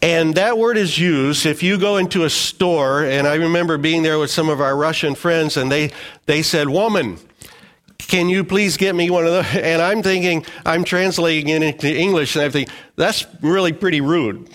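A man's voice: fairly high pitch, moderate pace, a bit bright. A middle-aged male pastor preaching a sermon in a conversational way, with joking asides and acted-out quotes.

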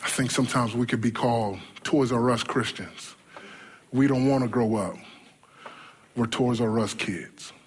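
A man preaching a sermon as a pastor, animated, acting out the whining voices of his congregation. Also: mid-range voice, measured pace, breathy edge. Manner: animated, acts out imagined voices of churchgoers.

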